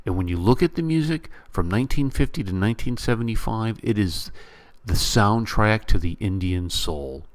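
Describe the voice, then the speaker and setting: Give me a guy with a slightly low voice, venting casually on camera to his audience. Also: normal speed, few pauses. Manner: animated, repetitive, addresses viewers directly. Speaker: YouTube vlogger. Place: home room near a bedroom.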